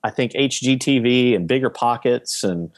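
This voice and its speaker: A man's voice: mid-range voice, moderate pace, no room sound, clean studio sound. A man on a podcast explaining his real estate investing in a casual, example-filled way.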